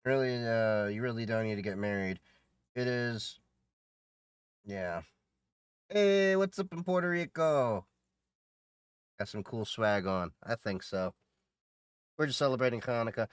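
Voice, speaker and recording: A man's voice: mid-range voice, unhurried, long pauses, clean tone, no echo. A man streaming a game live, chatting casually with viewers in a joking, talkative way. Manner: joking, chatty, answers viewers and laughs often. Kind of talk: casual live-stream chat while gaming.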